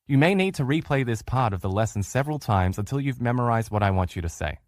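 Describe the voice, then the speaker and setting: Lively-voiced man coaching a relationship class. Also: mid-range voice, fast, dry recording, clean studio sound. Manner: earnest, coaching, acts out quoted replies in changed voices. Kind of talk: recorded training lesson.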